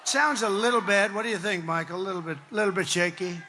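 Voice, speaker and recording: Speaking fast in a high voice with background noise behind him, an older man from the New York area addresses a rally crowd in a large hall. His campaign speech is rambling and conversational, with repetition for emphasis, and long reverb from the big room.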